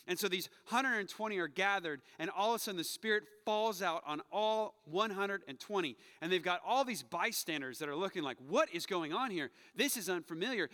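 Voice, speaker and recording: Lively high-voiced man preaching. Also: in a large hall. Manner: animated storytelling, acts out quotes. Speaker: pastor. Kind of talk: sermon. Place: church sanctuary.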